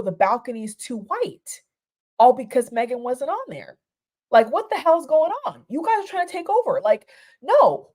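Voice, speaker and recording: A woman from Europe vents in a casual vlog rant, her voice sitting a little high. She talks heatedly and stumbles over restarts, repeating words as she pushes her point, with the odd curse thrown in. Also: darkish tone. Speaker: vlogger.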